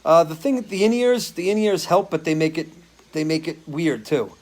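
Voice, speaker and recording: A man's voice: on the high side, moderate pace, low-quality recording. A man who sings and hosts a live stream, chatting loosely with viewers, answering their comments and swearing casually. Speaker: singer hosting a live stream.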